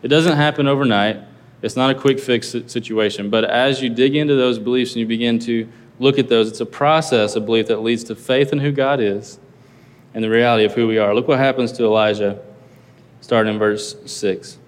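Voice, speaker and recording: A male pastor delivers an earnest sermon and keeps turning to his listeners with rhetorical questions. His voice sits at a middle pitch. The sound carries the long reverb of a large hall. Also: steady tone, fairly quick.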